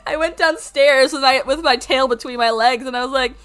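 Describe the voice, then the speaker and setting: A woman streamer telling a story to her chat at home, animated, swearing freely and laughing as she goes. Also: sits high, a little fast, soft background music. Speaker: art streamer.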